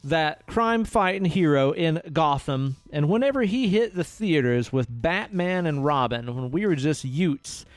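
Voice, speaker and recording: A man's voice: on the high side, animated, measured pace, hardly any pauses, no echo, faint music behind. Laid-back male podcast co-host. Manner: laid-back, swears often, ends lines with "man". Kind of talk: casual film-review chat.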